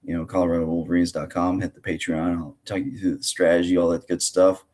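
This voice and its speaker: Deep-voiced hoarse man hosting a podcast. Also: little pitch movement, quick pace, darkish tone. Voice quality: froggy, gravelly. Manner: rambling, with many fillers and restarts. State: hoarse from a cold. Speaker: podcast host. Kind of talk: casual podcast chat.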